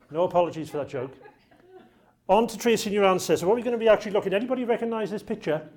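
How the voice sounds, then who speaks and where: A man's voice: high voice, rapid-fire, darkish tone. A man with a British accent giving a lecture to an audience in a jokey, chatty way. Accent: British English. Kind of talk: public talk to an audience.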